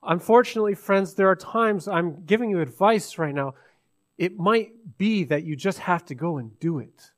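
A man with a high voice preaches to his congregation. He keeps asking rhetorical questions, drops to a hush, then rises to loud emphasis. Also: moderate pace. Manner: dramatic swings from hushed to loud, rhetorical questions. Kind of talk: sermon.

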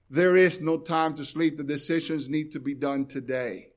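Impassioned male preacher, fairly high voice. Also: fairly even intonation, normal speed, few pauses. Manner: pleading, rising and falling in intensity; addresses listeners directly and repeats phrases for emphasis. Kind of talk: sermon.

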